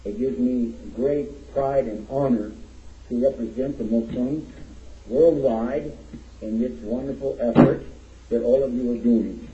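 A man's voice: mid-range voice, unhurried, mellow. A man from Texas with a Texan accent, giving a playful, humorous keynote speech to a large audience in a hall. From Texas, USA. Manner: jokey, playful, teasing the audience. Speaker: keynote speaker, chaplain. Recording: echoey hall, dull sound.

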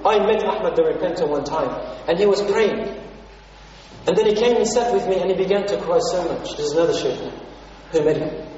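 A man delivers a sermon in a strikingly high voice, telling a story with deep earnestness and voicing the people in it. The recording is distant and dull, with heavy echo filling a large hall. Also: a little mellow, slight background noise. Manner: earnest, emotive retelling with quoted dialogue. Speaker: preacher.

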